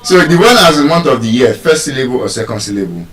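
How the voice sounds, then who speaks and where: A man's voice: mid-range voice, animated, quick pace, a bit bright, echoey room, distant mic, poor audio. A Nigerian man teaching English word stress to a live audience, teasing them and asking questions.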